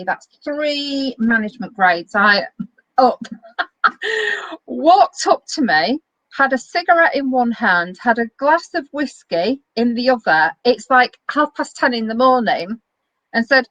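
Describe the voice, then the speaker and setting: A middle-aged woman, hosting a casual chat and telling lively stories with frequent laughter. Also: on the high side, no room sound, rough recording. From northern England. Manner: lively storyteller, laughs often. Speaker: web TV host.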